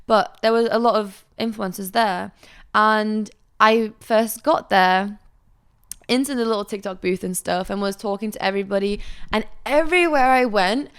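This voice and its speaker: Young woman, smooth clear voice, candid, indignant, swears freely, casual podcast chat. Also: medium pitch, normal speed, a bit bright. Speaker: influencer guest.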